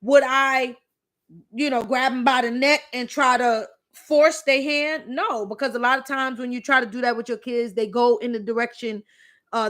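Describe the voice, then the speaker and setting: A woman from the Bronx, New York City, hosts a live Q&A stream, chatting candidly and telling anecdotes with emphatic repeats. Her voice is fairly high and a bit bright.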